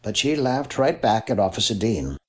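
A man's voice: fairly low pitch, moderate pace. A man narrating a mystery novel as an audiobook, reading expressively. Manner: expressive reading with voiced characters.

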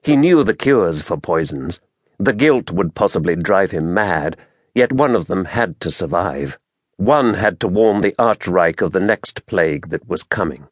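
A man narrating a fantasy audiobook in a measured, dramatic storytelling manner, recorded close to the mic. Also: sits low, animated, no room sound.

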